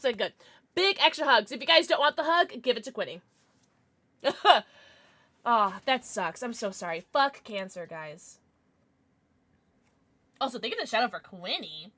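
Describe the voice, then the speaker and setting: Woman, live streamer, casual chat, animated, swings up and down, swears freely. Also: fairly high pitch. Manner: chatty, lively, swears freely.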